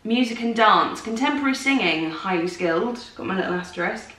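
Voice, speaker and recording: A woman with a mid-range, slightly bright voice speaks fairly quickly and animatedly, well away from the mic in a roomy recording. She's a musical theatre performer co-hosting a casual morning chat, talking about her acting in a chatty, self-deprecating manner.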